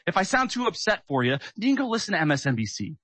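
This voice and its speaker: A man's voice: high-pitched, sing-song, rapid-fire, fairly bright tone, dry recording. Guy hosting talk radio, all fired up and sarcastic, tense punchy voice, dry mic. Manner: agitated, sarcastic, keyed up.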